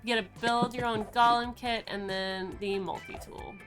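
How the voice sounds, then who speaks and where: A woman's voice: on the high side, fairly even intonation, normal speed, over music. A woman playing a tabletop game, chatting casually and reading options aloud in a teasing way. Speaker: player.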